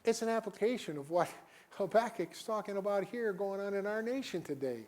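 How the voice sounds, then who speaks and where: A man preaching a sermon as a guest pastor, reading scripture and then talking plainly to the congregation, rising at times to shouted cries. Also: high voice, animated. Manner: reads scripture slowly, then talks conversationally and rises to shouted cries. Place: church sanctuary.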